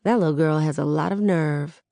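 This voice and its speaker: A woman voicing a loving middle-aged mother who speaks in a measured, no-nonsense way. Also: sits low, vocal fry, mellow, no room sound, studio quality.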